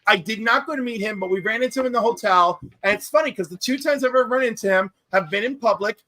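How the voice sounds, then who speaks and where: Man, bright clear voice, dry close sound, animated storyteller, casual chat. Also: high voice, quick pace, no room sound.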